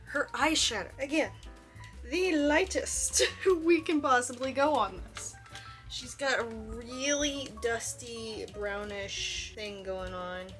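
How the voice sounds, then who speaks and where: Brief: young woman, bright-voiced cosplay vlogger, chatty and self-deprecating, faint music underneath. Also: a little high. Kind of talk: casual tutorial narration.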